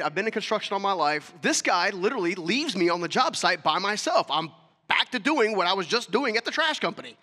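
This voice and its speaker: A man's voice: a little high, bright, forceful tone, long reverb tail. A man telling a story to an audience as a motivational talk, acting out the dialogue and throwing questions at the listeners. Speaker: speaker.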